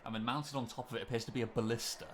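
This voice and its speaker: A man's voice: medium pitch, fairly even intonation, rapid-fire, a bit bright, slight background noise. A man narrating as game master of a tabletop game, describing scenes in a hesitant way with many ums and restarts.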